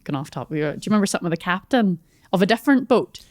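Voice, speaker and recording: A woman co-hosting a podcast, telling a lively story in casual chat and acting out what people said. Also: lowish voice, racing, no echo, studio quality. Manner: lively storyteller, acts out quoted dialogue. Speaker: podcast co-host.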